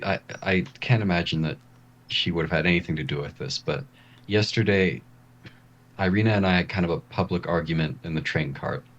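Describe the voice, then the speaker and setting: A man voicing a shy, nervous young woman who speaks quietly and stammers. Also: low voice, lo-fi sound.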